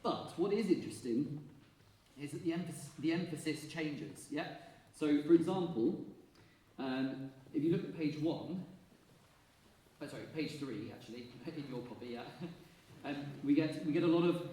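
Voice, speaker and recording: An Englishman leading a choir rehearsal, briskly encouraging and quick to laugh. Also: fairly high pitch, expressive, mellow, slight background noise. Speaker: choir conductor. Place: rehearsal hall. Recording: echoey hall from far off.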